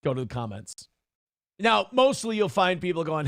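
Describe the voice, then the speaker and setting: A man's voice: sits high, big pitch swings, normal speed, a bit bright, no room sound, studio quality. A man talking in a boastful monologue, taunting and repeating the same phrases over and over.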